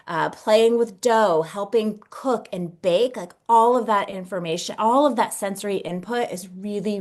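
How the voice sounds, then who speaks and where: A woman in her thirties giving a lunchtime webinar as a literacy consultant. She explains reading strategies in a chatty, informal way with frequent fillers, at a middle pitch. Her voice comes through a video call mic. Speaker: literacy consultant and dyslexia tutor. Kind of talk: webinar presentation.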